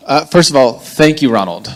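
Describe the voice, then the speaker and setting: A man's voice: mid-range voice, animated, moderate pace, background noise. A man in his forties leading a men's ministry gathering, talking in a sincere, self-deprecating way. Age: 40s. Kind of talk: casual group talk.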